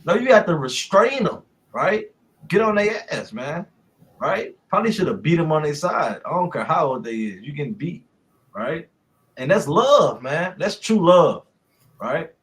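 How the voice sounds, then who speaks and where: A man's voice: on the high side, very animated, unhurried. A man in a casual scripture discussion, blunt and punchy, often checking in with "right?". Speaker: class member.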